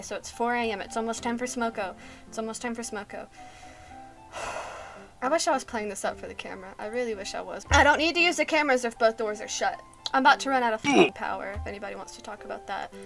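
High-pitched young woman, jittery and scared. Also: gravelly. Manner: jittery and scared, nervous laughs and repeated phrases. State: shaky and lightheaded. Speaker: gaming YouTuber. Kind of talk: let's play commentary.

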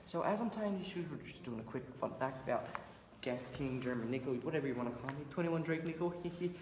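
A young man with a mid-range voice, lively intonation and a quick pace vlogs on his phone camera around the school library and classrooms. He jokes, rambles and swears plenty in this casual school vlog, with noisy chatter from classmates in the background.

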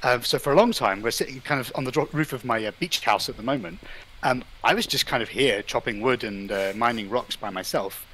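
A man giving an informal live talk as an invited presenter at an online art event, thinking aloud with many pauses and filler sounds. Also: mid-range voice, a bit bright, slight background noise, poor audio.

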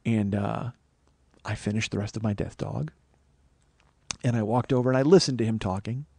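A man in his forties telling a profane, animated story as a podcast host. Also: on the low side, fairly quick, creaky, slightly rough, dry recording. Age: 40s. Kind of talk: storytelling monologue.

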